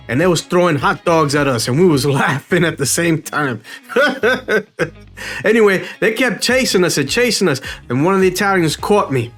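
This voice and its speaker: A middle-aged man from the Bronx with a New York accent, telling a story in a casual, slangy, animated way. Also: fairly high pitch. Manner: animated, slangy, acts out quoted voices.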